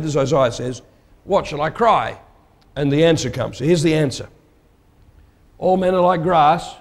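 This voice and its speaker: Conversational male preacher in a reverberant hall. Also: on the high side. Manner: conversational, emphatic, asks the listeners questions. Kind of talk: sermon.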